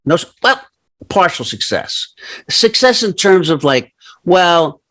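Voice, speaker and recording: Older male co-host, chatty storyteller who ramps into comic rants; fairly high, very lively pitch. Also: slow pace. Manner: animated storytelling, mock ranting, swears. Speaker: podcast co-host. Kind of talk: casual chat.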